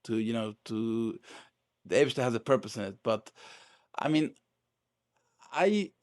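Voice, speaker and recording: Podcast guest: earnest man, halting restarts, dry close mic. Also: mid-range voice, dry recording. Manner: earnest, repeats words and restarts often. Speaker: podcast guest, real estate agent. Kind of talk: casual conversation.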